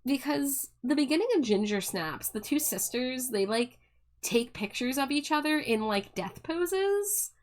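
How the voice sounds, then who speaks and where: A woman's voice: high voice, expressive, a little slow, a little hiss or hum. Giggly, chatty young woman streamer. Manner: chatty, giggly, restarts phrases often. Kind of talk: casual live-stream chat.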